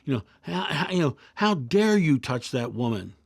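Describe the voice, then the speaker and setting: A man's voice: fairly high pitch, big pitch swings, moderate pace, creaky, breathy edge, no room sound, clean studio sound, pitched above the performer's own voice, exaggerated voice. A man voicing an indignant young male student of a monk, scolding his master. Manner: outraged, scolding.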